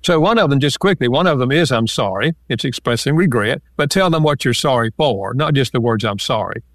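A man's voice: medium pitch, lively intonation, a little fast, no room sound, studio quality. An older man, an author and marriage counselor, answering interview questions and acting out example phrases as he explains. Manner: explains in numbered lists with acted-out example quotes.

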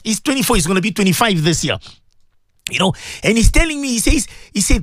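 Impassioned high-voiced cleric. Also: male voice, expressive, quick pace, fairly bright tone, dry recording. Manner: impassioned, repetitive, pleading, preacherly. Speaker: Islamic radio presenter and cleric. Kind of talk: emotional radio advice talk.

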